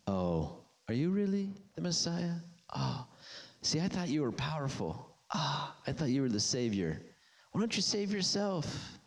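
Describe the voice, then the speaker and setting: A man's voice: fairly high pitch, very animated, a little slow, voice pushed up. A man acting out a sneering crowd of male mockers in a sarcastic, taunting tone during a sermon. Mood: mocking. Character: sneering mocking male bystanders at a crucifixion.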